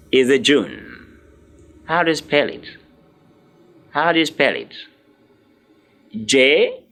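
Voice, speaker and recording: A man teaching French, drilling words slowly, spelling them letter by letter and encouraging his learners. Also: fairly high pitch, pushed and bright. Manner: encouraging, speaks directly to learners. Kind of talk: live online language lesson.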